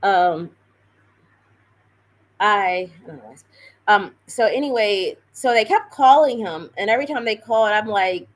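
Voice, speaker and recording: A woman retelling a story on a live stream, her voice pitched right in the middle for a woman. She talks in a loose, animated way, piling up fillers and restarting her sentences as she goes. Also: unhurried, pauses often, poor audio. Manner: rambling, animated retelling with many fillers and self-corrections. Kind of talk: casual storytelling.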